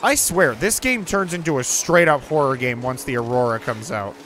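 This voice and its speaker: A man's voice: medium pitch, lively intonation, normal speed, a bit bright, a little hiss or hum. A young man hosting a gaming video, giving jumpy, swearing let's play commentary while talking to himself and his viewers. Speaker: gaming channel host.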